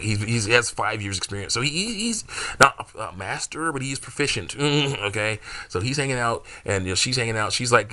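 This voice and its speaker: Male, low and bright, loose rambling monologue, laughs often. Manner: rambling, many fillers, frequent laughs. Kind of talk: casual monologue about his fan story.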